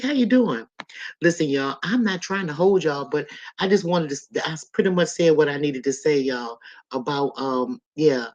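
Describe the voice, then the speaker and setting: A woman's voice: low-pitched, a little mellow, highs cut off. A woman in her sixties hosting a casual live stream, chatting loosely with viewers and reading their comments out as she goes. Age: 60s.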